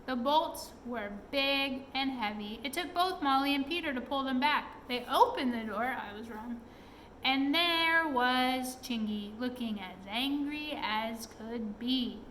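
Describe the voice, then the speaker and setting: A woman reads a children's storybook aloud with a high, bright voice. She reads expressively and now and then turns to ask her listeners questions. A faint noise sits under her voice. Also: slow, poor audio.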